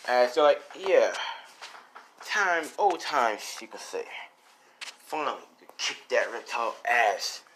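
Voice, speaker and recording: A man's voice: medium pitch, sing-song, slow pace, long pauses, a bit bright, slight background noise. Rambling young man telling a fan story. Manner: rambling, casual, swears a lot, many fillers. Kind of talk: improvised fan-fiction storytelling.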